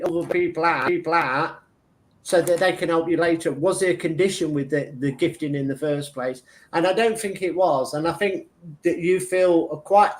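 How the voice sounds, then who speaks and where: Rambling man giving a psychic reading. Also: fairly high pitch. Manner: chatty and meandering, lots of fillers and restarts, acts out his own inner arguments. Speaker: tarot reader and medium on a live stream. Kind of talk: intuitive reading on a live stream, rambling.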